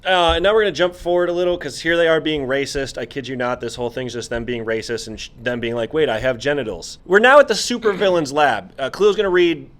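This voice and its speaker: A man's voice: on the high side, fast, hardly any pauses. A man co-hosting a casual podcast chat, walking through an old comic book with an incredulous, amused manner. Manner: animated, amused, incredulous storytelling. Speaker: podcast co-host.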